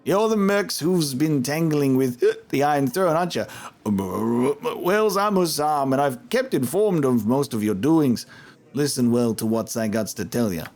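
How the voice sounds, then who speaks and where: A man's voice: mid-range voice, a little fast, few pauses, darkish tone, close to an everyday voice. A man voicing a bitter, tipsy male innkeeper who rambles and grumbles, chuckling as he talks. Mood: aggrieved. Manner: rambling, aggrieved, chuckling mid-sentence.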